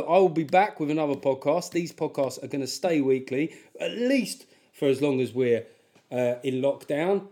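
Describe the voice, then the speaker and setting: A man's voice: on the high side, normal speed, dark tone. A man with a South London accent hosting his podcast, rambling, self-deprecating and jokey. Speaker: podcast host. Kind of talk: casual monologue.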